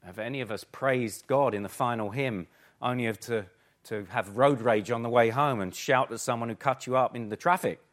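A man preaching a sermon, emphatic, full of rhetorical questions, swinging between forceful and hushed. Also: mid-range voice, normal speed. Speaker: pastor.

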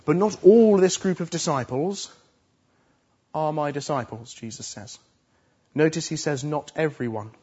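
Male preacher, earnest and emphatic, somewhat high voice, muffled lo-fi sound. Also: a little mellow. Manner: earnest, emphatic, repeats phrases for stress. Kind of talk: sermon.

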